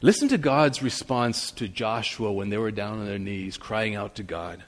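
A male pastor preaching a sermon, swinging between loud emphasis and soft asides. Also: on the low side, lively intonation, moderate pace, in a large hall.

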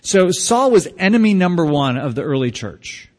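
Guy pastor preaching, chatty and jokey with the crowd, kinda high voice, big echoey church sound. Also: sing-song, normal speed, darkish tone. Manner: conversational, joking with the congregation. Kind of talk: sermon. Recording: long hall reverb.

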